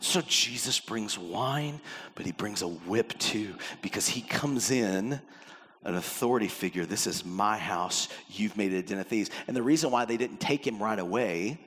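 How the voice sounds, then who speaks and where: A man's voice: fairly low pitch, expressive, measured pace, fairly bright tone, husky. A man preaching a sermon as pastor, acting out the voices in the passages he quotes. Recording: long hall reverb.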